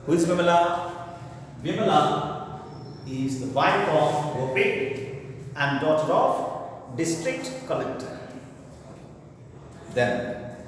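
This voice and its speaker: A man's voice: on the high side, lively intonation, slow, pauses often, a little hiss or hum. A man teaching a class, reading a story aloud and explaining it, voicing the characters as he goes. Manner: reads dialogue aloud in changing voices, then explains. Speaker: English teacher. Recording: very echoey room, voice far from the mic.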